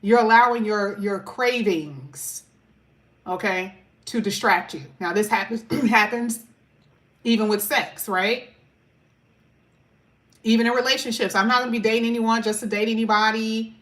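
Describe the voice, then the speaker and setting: A woman's voice: a little high, a little slow, pauses often, a bit bright. A woman talking casually through a tarot card reading. She is chatty and emphatic and stretches out key words. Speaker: tarot reader.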